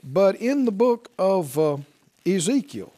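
Male preacher, slightly higher voice, unhurried emphatic sermon delivery. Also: very animated. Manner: slow, emphatic preaching with sudden loud stresses.

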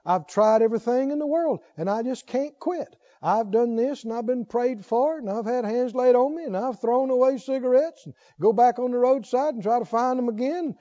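A man's voice: very high voice, moderate pace, hardly any pauses, warm tone. A man putting on a whiny desperate young smoker. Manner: whiny, pleading, repeating himself. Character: desperate young man pleading he can't quit smoking. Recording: dull lo-fi recording.

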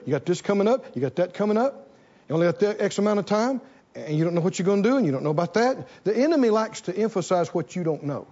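Male preacher, high voice, repeats lines for emphasis, church congregation, muffled sound. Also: fast talker. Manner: animated, repeating phrases for emphasis. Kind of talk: sermon.

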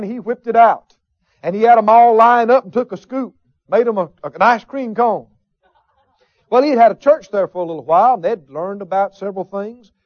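A man's voice: sits high, no room sound. A man preaching a sermon, folksy asides and call-and-response with the congregation. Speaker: pastor. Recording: dull, slightly lo-fi sermon recording.

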